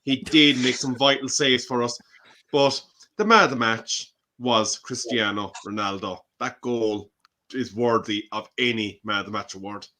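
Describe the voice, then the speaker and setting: A man's voice: medium pitch, steady tone, measured pace, bright, forceful tone. A man with an Irish accent, a panelist in a casual football chat show. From Ireland.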